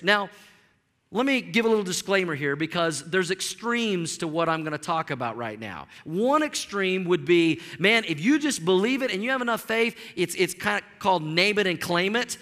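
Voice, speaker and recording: A middle-aged man, a pastor, preaching an animated, storytelling sermon in a church, often repeating words as he builds up steam. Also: high-pitched, normal speed, in a large hall. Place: church sanctuary.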